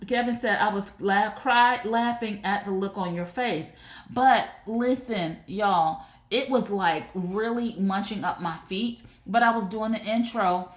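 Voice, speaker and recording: A woman hosting a live shopping stream, talking to her viewers in a chatty, animated way. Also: medium pitch. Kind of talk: casual live stream product chat. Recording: roomy echo.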